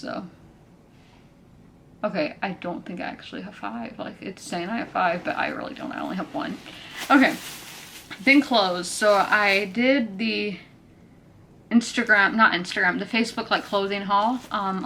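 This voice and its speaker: A woman's voice: medium pitch, creaky, a bit bright, a little hiss or hum. A woman, a bit out of breath, chatting and rambling casually in a book vlog. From South Carolina. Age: 20s. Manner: chatty and rambling, full of fillers. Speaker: book vlogger. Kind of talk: casual chat.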